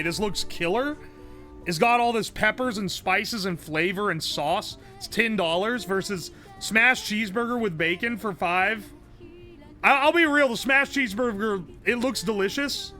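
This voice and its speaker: A male streamer thinking aloud over a food guessing game, excitable and profane. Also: sits high. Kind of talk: casual game commentary.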